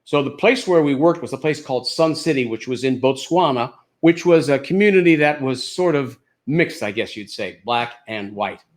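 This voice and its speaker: An older man who is a comedian, telling stand-up stories in an animated, anecdotal way built around punchlines. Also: medium pitch, normal speed, few pauses. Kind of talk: stand-up storytelling.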